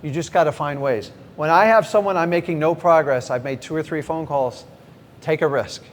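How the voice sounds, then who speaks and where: A middle-aged man, a real estate coach, teaching a live seminar with energy and speaking straight to the audience. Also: a little fast. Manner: energetic, talks straight to the crowd. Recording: reverberant hall, faint rumble.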